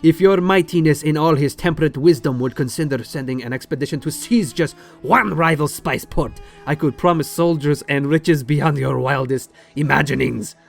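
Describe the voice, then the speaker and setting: A man's voice: a little high, normal speed, vocal fry, hardly any pauses, soft background music. A man voicing a pompous male spice merchant, reading grand flowery lines aloud in a put-on accent. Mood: grandiose.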